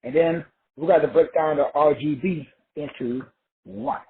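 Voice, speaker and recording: A man giving a profane motivational lecture on a group call, emphatic and repetitive, stretching key words out slowly. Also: on the high side, gravelly, a little hiss or hum. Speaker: motivational teacher. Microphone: call audio. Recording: phone-like call audio.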